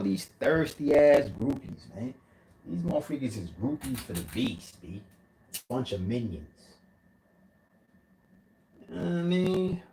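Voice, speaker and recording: A man's voice: mid-range voice, mellow, a little hiss or hum. A man vlogging a rambling, profane conspiracy rant full of street slang.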